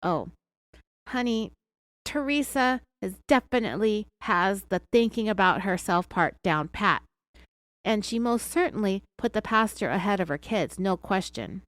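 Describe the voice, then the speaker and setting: A woman's voice: medium pitch, lively intonation, measured pace, fairly bright tone, dry recording, studio quality. A woman with an American accent hosting a true crime podcast, telling the story in a sarcastic, chatty way. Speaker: podcast host.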